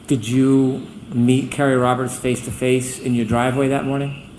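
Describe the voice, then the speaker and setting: A man, a trial attorney, questioning a witness in court in a measured, methodical way. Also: medium pitch, flat delivery, darkish tone, slight background noise, rough recording.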